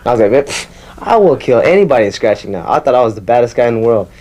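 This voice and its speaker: A man's voice: mid-range voice, lively intonation, racing, a little mellow. A young man from the Bay Area telling a casual, rambling story as an interviewee and mimicking turntable scratches with his mouth.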